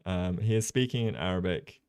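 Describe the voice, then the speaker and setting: Low-voiced chatty man commentating chess. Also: brisk, smooth, dry recording. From Jersey. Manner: relaxed, chatty, many ums, reads chat aloud. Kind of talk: casual livestream commentary.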